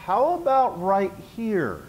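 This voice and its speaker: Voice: medium pitch, huge pitch swings, slow, lo-fi sound, a little hiss or hum. A teacher giving a classroom lesson, coaxing the students with question after question.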